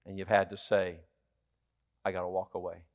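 A middle-aged male pastor giving a sermon, telling stories and swinging from hushed asides to loud appeals. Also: low voice, little pitch movement, moderate pace, dull audio.

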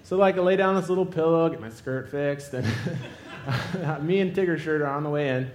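A man's voice: a little high, normal speed, echoey room. A young man preaching, telling a funny personal story with lots of laughter before turning it to a lesson. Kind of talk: sermon with comic personal story.

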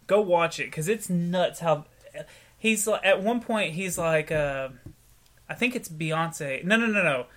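A man co-hosting a casual podcast chat, telling a story with lively acted-out quotes. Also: high-pitched. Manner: animated storytelling, acts out quotes. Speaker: podcast co-host.

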